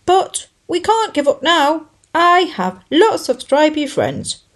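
A woman's voice: high-pitched, sing-song, takes it slowly, voice pushed up, full character voice. A woman voicing an eager, hopeful male friend who talks in an encouraging, upbeat way.

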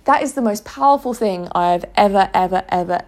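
A woman's voice: mid-range voice, expressive, brisk. A woman talking to camera in an earnest, emotional vlog monologue, often restarting her sentences. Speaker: vlogger.

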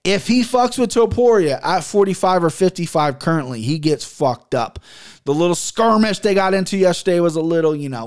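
A man's voice: sits high, expressive, fairly quick. A man hosting his own podcast, talking loosely and jokingly with frequent profanity, mixing stories, ad reads and betting picks. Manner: loose, profane, jokey storytelling. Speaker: podcast host and sports betting picker. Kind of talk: casual solo podcast chat.

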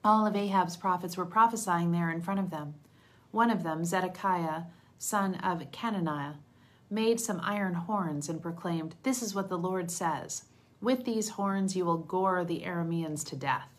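A woman reading scripture aloud at a steady, measured pace, lightly voicing the quoted speech. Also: fairly low pitch. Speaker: Bible reader.

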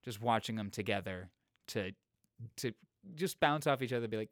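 A man in a relaxed podcast conversation, talking in an even, middle-pitched voice. He works through a list of titles with chatty asides. The recording is close and dry, with no room sound. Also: unhurried, dry recording. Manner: chatty, reads out film lists, musing asides. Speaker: podcast co-host. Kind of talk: casual chat.

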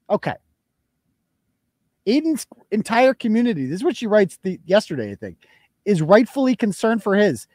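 A man's voice: high voice, sing-song, moderate pace, no room sound. A man hosting a livestream, talking bluntly and sarcastically, often crude. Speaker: host. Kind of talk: livestream commentary.

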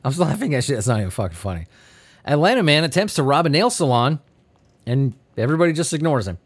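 A man's voice: mid-range voice, sing-song, fast talker. Giddy, swearing male podcast host. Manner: laughs often, swears freely, giddy. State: sleepy and giddy. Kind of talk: casual comedic news commentary.

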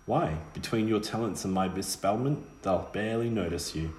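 A man voicing a sharp-tongued ghostly witch girl in an audiobook reading. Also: lowish voice, normal speed, echoey room, close to an everyday voice. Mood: urgent.

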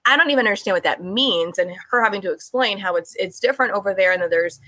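A woman with a Californian accent, chatting casually as a podcast host with animated asides. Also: medium pitch, no echo. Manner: animated, quick asides and laughs. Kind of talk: casual chat.

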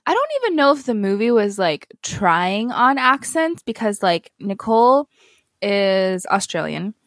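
A woman's voice: medium pitch, very animated, measured pace, a bit bright, no room sound. Young woman on a podcast, snarky and loose, dry close mic. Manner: casual, sarcastic asides, filler-heavy. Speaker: podcast co-host. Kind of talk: casual chat.

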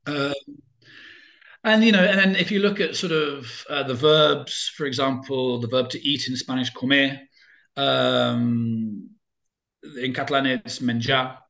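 Rambling man, mid pitch. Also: steady tone, measured pace, vocal fry, fairly bright tone, highs cut off. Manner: rambling, many fillers and restarts. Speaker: guest. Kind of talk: casual interview chat.

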